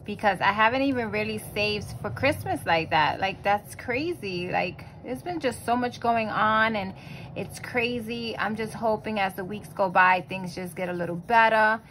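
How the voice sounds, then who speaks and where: Chatty mom vlogger counting cash softly. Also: female voice, mid-range voice, moderate pace, slight background noise, low-quality recording. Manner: chatty, lots of fillers and restarts; soft, counts money under her breath. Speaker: budgeting channel host. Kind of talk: casual vlog chat.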